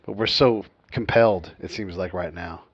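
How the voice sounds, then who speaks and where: A man with a low voice speaks earnestly and thoughtfully in a relaxed podcast conversation. The recording is dull and lo-fi, dry with no room sound. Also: normal speed, slightly rough, dry recording. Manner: earnest, reflective, frequent "yeah" backchannels. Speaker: podcast co-host. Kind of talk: casual chat.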